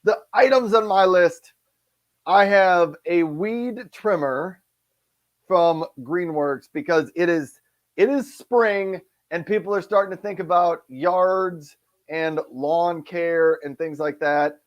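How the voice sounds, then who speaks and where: A man's voice: high-pitched, slow, dull audio. A man co-hosting a live shopping show, explaining the segments and his wish-list items in an upbeat, chatty way. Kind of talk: casual live-stream product chat.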